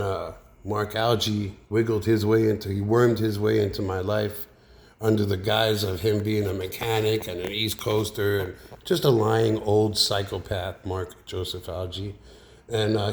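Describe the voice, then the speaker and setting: A man in a heated, profane, rambling rant as he vlogs about radio troubles, with many fillers. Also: fairly low pitch. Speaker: radio hobbyist vlogger. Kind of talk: angry ranting monologue. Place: recorded with a handheld radio nearby.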